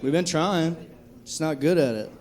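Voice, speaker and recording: A young man's fairly high, darkish voice carries a profane, conversational stand-up routine on a comedy club stage, delivered at normal speed into a handheld mic. He acts out drunk voices along the way.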